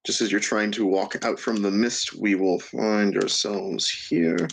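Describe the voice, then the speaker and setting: Low-voiced man running a tabletop game. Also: steady tone, creaky, faint music behind. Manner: halting, many fillers and restarts, laughs often. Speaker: game master.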